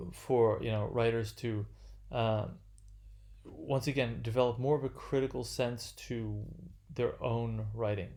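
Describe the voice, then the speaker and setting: A man giving an unscripted literature lecture, halting and full of fillers and restarts. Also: fairly low pitch, warm tone.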